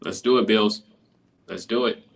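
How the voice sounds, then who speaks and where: A man giving live reaction commentary, exasperated and repeating himself, his voice jumping high in disbelief. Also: steady tone, moderate pace, vocal fry. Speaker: live draft reaction streamer.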